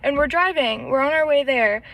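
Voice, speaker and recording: Young female co-host, high pitch, animated storyteller who voices the people she quotes. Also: moderate pace, poor audio. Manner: storytelling with laughter, acts out quotes. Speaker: podcast co-host. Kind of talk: casual chat.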